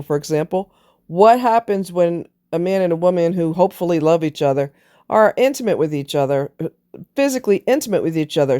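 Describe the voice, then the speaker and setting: A woman's voice: deep voice, warm tone, clear, resonant tone. A woman delivering a blunt, emphatic, preachy monologue on relationships, casually swearing as she makes her points. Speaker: relationship commentator. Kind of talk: opinionated monologue.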